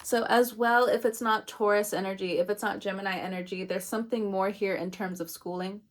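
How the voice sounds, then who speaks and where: A young woman reads tarot in a loose, rambling way, laughing at her own jokes and swearing now and then. Her voice sits at an everyday middle pitch. She talks as if chatting with friends. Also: fairly even intonation, fairly quick. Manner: chatty, meandering, laughs at herself, swears casually. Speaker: tarot reader. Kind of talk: casual tarot reading.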